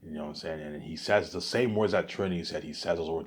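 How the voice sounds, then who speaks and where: A man's voice: a bass voice, fairly even intonation, fast, slightly rough. A man talking in a casual vlog monologue, rambling and often repeating words and restarting his sentences. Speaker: vlogger.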